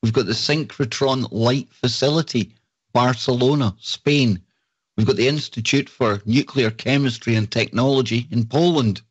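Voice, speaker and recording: A man's voice: mid-range voice, moderate pace, slightly rough, no echo, highs cut off. A man hosting a live talk show, chatting casually and reading out lists with enthusiasm. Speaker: show host.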